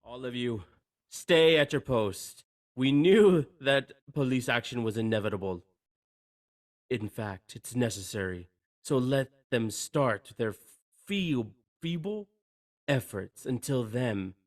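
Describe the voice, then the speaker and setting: A man's voice: medium pitch, lively intonation, slow pace, no room sound, clean studio sound. A man reading a cold, scheming male terrorist leader from a script, stumbling over some words. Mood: commanding.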